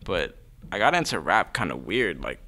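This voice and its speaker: A man's voice: low voice, very animated, normal speed, vocal fry, pushed and bright. A young man from Southern California, a rapper guest chatting casually in an interview, laid-back and full of "like" fillers.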